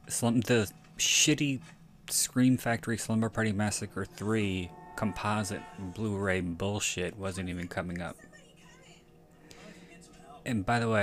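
Male podcast host, deep and unhurried, loose rambling commentary with swearing. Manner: rambling, frequent self-corrections and profanity. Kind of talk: casual movie commentary.

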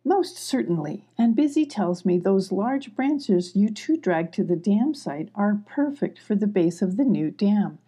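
A woman's voice: medium pitch, animated, unhurried, hardly any pauses, husky. A woman voicing a kindly, motherly female beaver in a storybook, speaking in a reassuring, homely way. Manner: warm, reassuring, homely speech.

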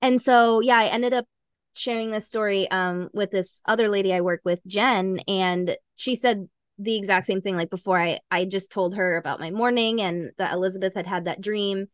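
A woman's voice: medium pitch, moderate pace, dry recording. A young woman podcast host telling a personal story in casual chat, rambling with lots of fillers and little laughs.

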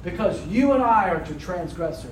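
A man's voice: high-pitched, animated, moderate pace, slight background noise. A man preaching a sermon to a congregation in a room, tossing rhetorical questions out for them to answer.

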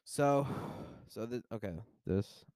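A man hosting a casual solo podcast, reacting to a news post in a profane, excitable, rambling way into a desk microphone. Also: mid-range voice, slow pace, clear, resonant tone, dry recording, studio quality. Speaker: podcast host.

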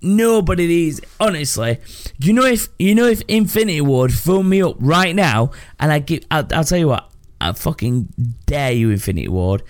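Tipsy, rowdy podcast host. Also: male voice, on the high side, lively intonation, moderate pace, no echo, studio quality. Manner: rowdy, swearing, laughing often. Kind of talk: casual podcast chat.

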